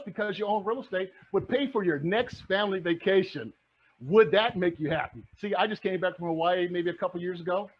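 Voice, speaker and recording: A man's voice: high-pitched, slight background noise. A middle-aged man giving a motivational presentation to a club, full of energy and firing rhetorical questions at the audience. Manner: acts out the audience's replies. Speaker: real estate investor and presenter. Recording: dull lo-fi recording.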